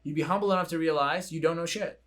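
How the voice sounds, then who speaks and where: A young man hosting a coaching show, talking in a blunt, profane, animated way. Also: fairly high pitch, fast. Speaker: coaching podcast host. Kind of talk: casual chat.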